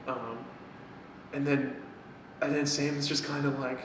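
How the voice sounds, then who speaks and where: A man's voice: mid-range voice, little pitch movement, measured pace, pauses often, a bit bright. A man co-hosting a casual book-review chat, swearing freely as he recaps the plot. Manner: profane, retells plot acting out characters' lines. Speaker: podcast co-host. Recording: echoey room from a distant mic, faint noise.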